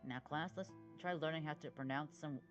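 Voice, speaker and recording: A voice actor playing a prim, stern, scolding schoolteacher in an animated series, on a dull, lo-fi recording. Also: medium pitch, moderate pace, faint music behind, close to an everyday voice.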